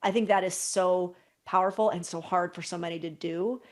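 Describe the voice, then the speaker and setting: A woman's voice: on the low side, fairly even intonation, moderate pace. A woman hosting a podcast in casual chat, reflective and talking in long flowing thoughts. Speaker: podcast host.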